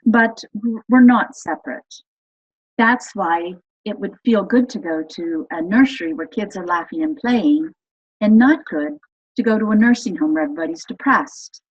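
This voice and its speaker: A woman's voice: mid-range voice, normal speed, breathy edge, highs cut off. A woman speaking as a guest in an interview, explaining her ideas in an earnest, enthusiastic way. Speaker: guest expert on voice and energy healing.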